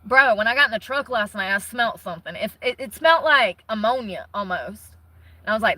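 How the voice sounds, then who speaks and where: This is a woman rambling bluntly to her camera from inside the car she lives in, cursing freely. She sounds slightly out of breath. Her voice is bright and sits a little high. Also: animated, normal speed, no echo, rough recording. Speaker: vlogger. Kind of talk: casual chat.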